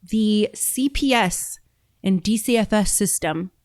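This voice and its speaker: A woman's voice: mid-range voice, slow, a little mellow, no echo. Chatty woman commentator, dry close sound. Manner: chatty, emphatic, talks with her mouth full at times. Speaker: show host reacting to videos. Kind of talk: casual commentary.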